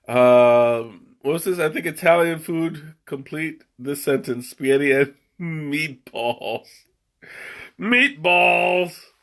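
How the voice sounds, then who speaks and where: A man hosting a casual live stream over tea, rambling and chuckling, often trailing off mid-sentence. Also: mid-range voice. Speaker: livestream host tasting tea. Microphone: webcam.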